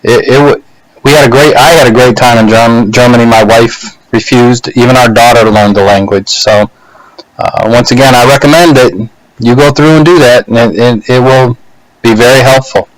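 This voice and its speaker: A man casually telling a personal story to a webcam, unhurried, with frequent pauses and fillers. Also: mid-range voice, no echo, rough recording. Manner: unhurried, halting, many "uh" and "you know" pauses. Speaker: speaker giving a practice speech. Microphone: laptop webcam.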